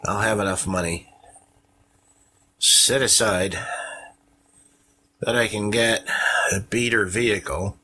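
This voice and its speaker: A sick, out-of-breath man hosting a casual solo podcast from home, wheezing and pausing every few sentences to catch his breath. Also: fairly low pitch, pushed and bright. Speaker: podcast host. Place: at home with a cat on him.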